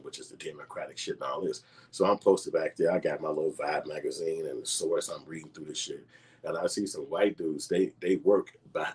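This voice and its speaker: A man in his forties tells a personal story in a casual, profane, laid-back way. His voice is very deep and husky. He slips into quoted lines as he talks. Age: 40s. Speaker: vlogger telling a personal story.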